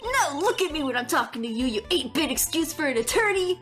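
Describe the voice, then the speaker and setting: A woman's voice: high-pitched, big pitch swings, a little fast, a bit bright, soft background music. A woman voicing a foul-mouthed male ventriloquist puppet who barks insults and demands respect. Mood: rude. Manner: brash, insulting, commanding.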